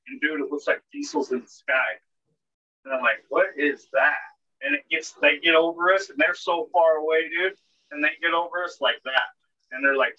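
A man tells a long story on a casual podcast, piling on filler words and cursing. His voice is bright and husky. The recording is dull and lo-fi. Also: fairly high pitch. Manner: rambling, heavy filler words, swears. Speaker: podcast co-host.

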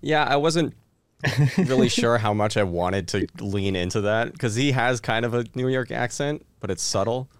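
A man's voice: medium pitch, moderate pace, smooth, dry recording. A man speaking as a podcast guest, casual and a bit hesitant with many fillers. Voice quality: hesitant, lots of uhs. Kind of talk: casual chat.

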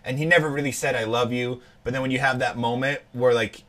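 A man's voice: medium pitch, steady tone, quick pace, fairly bright tone. Young man, podcast co-host, rambling casual chat, mid-range voice. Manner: rambling, laughs often, quotes people in put-on voices.

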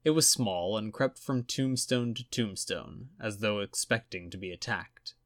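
A man reading a story aloud with steady storytelling. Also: fairly low pitch, a little slow, no room sound, clean studio sound. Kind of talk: audiobook narration.

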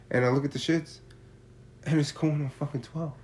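A man in casual chat explaining his prices, talking in streetwise, profane slang and telling stories in an animated way. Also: on the high side, normal speed, a little hiss or hum. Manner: animated storytelling with acted-out quotes.

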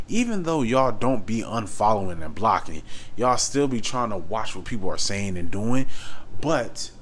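A man's voice: medium pitch, lively intonation, moderate pace, slight background noise. A man delivering a heated, repetitive rant straight to the listener, hammering the same phrases over and over and swearing as he goes. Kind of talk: ranting monologue to camera.

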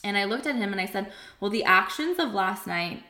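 A woman recounts a painful personal story in a frank, conversational way. She is emotional and animated, and she briefly acts out the voices of other people. Her voice carries a roomy echo. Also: medium pitch, a little fast. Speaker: podcast guest telling her story.

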